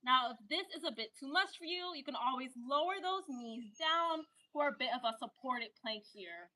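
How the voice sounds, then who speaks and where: A woman leads a guided yoga flow with a high, bright voice. She cues breaths and poses calmly but drifts into loose, chatty slang between cues. Her tone stays light and clear throughout. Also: moderate pace, low-quality recording. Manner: calm cueing that breaks into chatty, animated asides; casual slangy talk. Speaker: yoga instructor.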